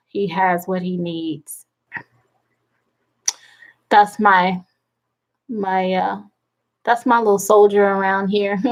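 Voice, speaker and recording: A woman's voice: mid-range voice, low-quality recording. A woman hosting a casual live stream from home at night, reading viewer comments aloud and chatting with frequent laughter. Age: adult with children. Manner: chatty, laughs often, slow and relaxed.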